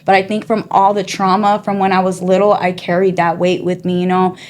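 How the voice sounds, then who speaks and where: A woman's voice: mid-range voice, little pitch movement, brisk, a little mellow. A woman guest telling her life story in casual, streetwise speech, acting out the people in it. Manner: chatty and streetwise, often says "you know" and "girl". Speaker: guest sharing her testimony.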